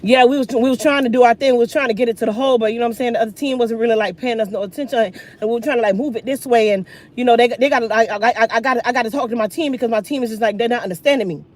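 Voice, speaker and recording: A woman's voice: on the high side, rapid-fire, hardly any pauses, a little mellow, natural voice. A woman mocking a young male athlete who rambles in slang full of filler words. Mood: rambling.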